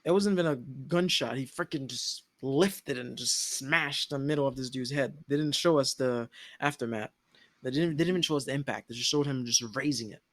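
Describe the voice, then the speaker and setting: A young man co-hosting a casual TV episode discussion, slangy and animated, often breaking into laughter as he retells scenes. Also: mid-range voice, fairly quick, no echo. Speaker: podcast co-host.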